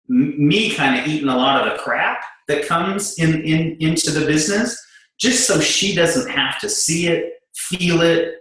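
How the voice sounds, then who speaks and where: A man's voice: mid-range voice, very echoey, poor audio. A middle-aged man speaking candidly and bluntly about working in business with his wife, acting out the back-and-forth. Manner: blunt and animated, acting out quoted exchanges. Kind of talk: candid storytelling to an audience.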